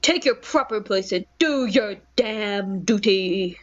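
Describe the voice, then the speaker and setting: A woman on a headset mic voicing a stern, bitter middle-aged father who speaks in a quiet tone. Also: medium pitch, animated, takes it slowly, dull audio.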